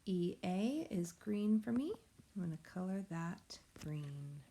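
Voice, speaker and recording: A woman teacher giving a recorded phonics lesson to young children, explaining slowly and patiently in a sing-song way. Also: on the low side, expressive, mellow. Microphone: tablet or device mic.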